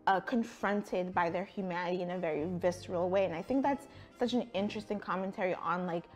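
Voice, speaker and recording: Woman talking film stuff, thoughtful, says like a lot, lower voice, soft music under. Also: brisk. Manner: thoughtful, uses fillers like "like". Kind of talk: cultural commentary in conversation.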